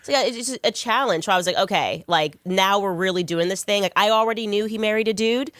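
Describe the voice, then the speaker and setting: A woman's voice: medium pitch, fairly bright tone, dry recording. A pregnant woman speaking as an interview guest, emphatic and indignant in casual conversation. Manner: emphatic, indignant, fast talking.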